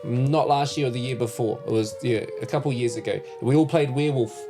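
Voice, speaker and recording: A man's voice: mid-range voice, fairly quick. A man with a New Zealand accent, a podcast host talking easily and calling others bro. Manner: easygoing, calls others "bro". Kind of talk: casual chat. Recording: music playing in the background.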